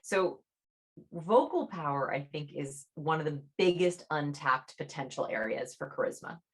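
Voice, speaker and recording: A young woman talks as a guest author on a podcast, her voice sitting low in her range. She is chatty and animated, with lots of "like" in her talk. It sounds like a video call. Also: moderate pace, slightly rough. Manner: chatty, fillers like "like". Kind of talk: podcast interview.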